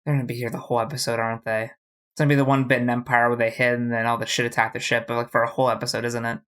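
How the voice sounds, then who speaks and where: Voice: medium pitch, racing. A podcast co-host casually recapping a TV episode, swearing freely and acting out the characters' lines in a loose, joking way. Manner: profane, animated, acts out character lines mid-story.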